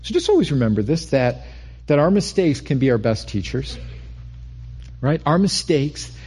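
A man's voice: a little high, sing-song, moderate pace, darkish tone, breathy edge. A middle-aged man preaching a sermon in a conversational way, often restarting phrases and building emphasis. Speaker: pastor.

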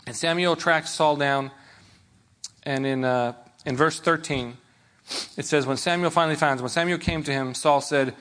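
Speaking at a normal speed with fairly even intonation, this preacher has a bright-ish, slightly high voice. He keeps his sermon conversational, frequently pausing to check on the people listening.

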